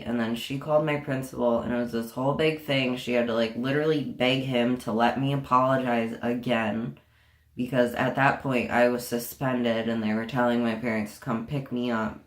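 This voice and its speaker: A woman's voice: extremely low pitch, fairly even intonation, moderate pace. A young woman telling a storytime vlog in a casual, profane and indignant way, full of sarcasm. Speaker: vlogger. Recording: echoey room.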